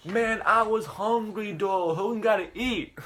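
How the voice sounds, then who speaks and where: A man doing a brash loud YouTuber guy. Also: high-pitched, takes it slowly, voice pushed up, full character voice. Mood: cocky. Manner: cocky, shouty, exaggerated. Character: brash young male prank YouTuber.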